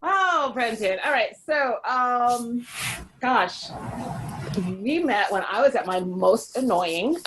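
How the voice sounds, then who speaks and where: A woman's voice: on the high side, animated, slow. A woman in her thirties hosting a podcast from home, chatty and giggly. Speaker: podcast host. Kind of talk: casual chat. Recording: home recording with noticeable background noise.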